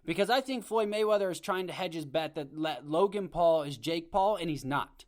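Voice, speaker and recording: A man's voice: a little high, expressive, normal speed, hardly any pauses. A man hosting his own podcast, giving a casual, opinionated rant on a home microphone. He rambles, restarts often, and talks with blunt conviction. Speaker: podcast host. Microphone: home podcast mic.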